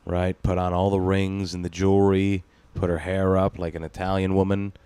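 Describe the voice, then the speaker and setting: A man with a deep, low voice hosts a casual podcast, rambling through loose banter, swearing freely and breaking into laughter. The sound is dry and close, with no room around it. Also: little pitch movement, normal speed, warm tone, smooth, dry recording. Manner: rambling, profane, laughs often. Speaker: podcast host. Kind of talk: casual chat.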